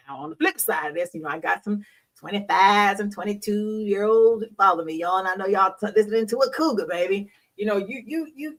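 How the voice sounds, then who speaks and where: In a rough recording made far from the mic, a middle-aged host with a hospital job speaks candidly and bawdily to her audience, often laughing and turning preachy. Her voice is mid-range and a bit bright.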